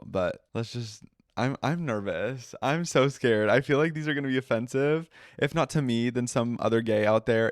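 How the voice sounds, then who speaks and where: A young man with a nasal voice hosts a chatty podcast and punches his words with feeling. His pitch sits in an ordinary male middle, and the sound is dry and close, with no room around it. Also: no echo. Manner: emphatic, expressive, with lots of laughing asides. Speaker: podcast host. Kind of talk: casual chat.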